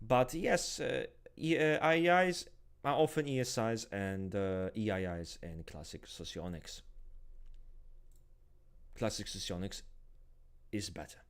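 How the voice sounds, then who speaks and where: A married man co-hosting a podcast, talking loudly and swearing a lot as he rants in casual chat. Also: on the low side, measured pace, pauses often. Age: adult, married. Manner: loud, swears a lot, animated ranting. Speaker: podcast co-host.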